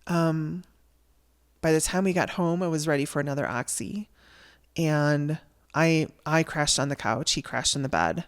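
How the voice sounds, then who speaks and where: Speaking a little slowly in a low voice, a woman recounts something personal on her podcast. She's frank and chatty, with blunt wording and frequent restarts.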